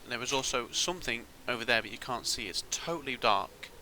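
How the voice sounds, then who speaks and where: A man's voice: medium pitch, expressive, brisk, sharp tone, a little hiss or hum, poor audio. A man giving casual gameplay commentary as a channel host, thinking aloud and rambling with restarts.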